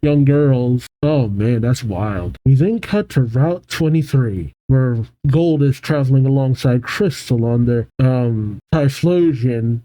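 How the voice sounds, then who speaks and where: Mellow-voiced man reading a comic aloud. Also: mid-range voice, takes it slowly, few pauses. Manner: amused, chatty asides with laughs. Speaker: reaction video host.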